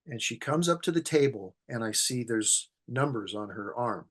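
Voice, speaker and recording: A man tells relaxed anecdotes as an interview guest. He acts out the people he quotes, and his pitch sits in the middle. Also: normal speed. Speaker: guest, screenwriter and horror film expert. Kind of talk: storytelling in an interview.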